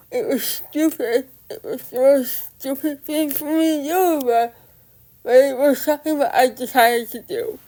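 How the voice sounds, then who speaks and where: A woman's voice: high-pitched, measured pace, mellow, no echo. A woman on a podcast telling a rambling, self-deprecating story in casual chat.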